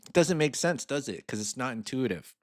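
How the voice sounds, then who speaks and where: A man's voice: medium pitch, animated, brisk, slight background noise. A man giving a casual screen-share finance lesson, chatty, with playful asides and chuckles. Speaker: financial mentor.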